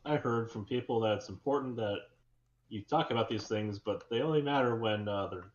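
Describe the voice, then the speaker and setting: A man's voice: fairly low pitch, fairly quick, reverberant, muffled recording. A man co-hosting a podcast, cracking wry jokes in casual banter. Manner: wry, joking interjections. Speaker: podcast co-host.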